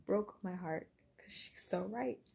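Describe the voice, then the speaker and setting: A woman's voice: medium pitch, slow pace, creaky, darkish tone. A young adult woman talking candidly in a confessional diary vlog, reflective and often dropping to a whisper. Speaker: vlogger.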